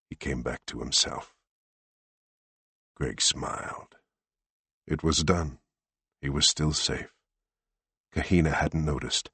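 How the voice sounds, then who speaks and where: Man narrating a book, super deep husky voice, dry close sound. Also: fairly bright tone, no room sound. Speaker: audiobook narrator. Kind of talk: scripted narration.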